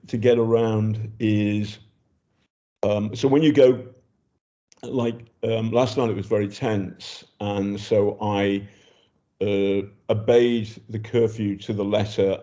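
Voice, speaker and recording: A man's voice: on the low side, warm tone, highs cut off. An older British man, a journalist reporting from a war zone, talking in a chatty, hesitant way with many ums and restarts. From Britain. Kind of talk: casual spoken report.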